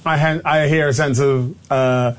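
Studio guest, male commentator, earnest rambling delivery, voice sits slightly high. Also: steady tone, measured pace. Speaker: political commentator. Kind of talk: radio studio guest discussion.

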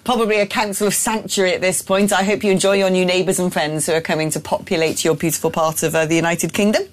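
A woman from the West Country with a West Country accent, co-hosting a radio talk show in playful, animated chat. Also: on the low side, fast. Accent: West Country English. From West Country of England. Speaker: radio co-host.

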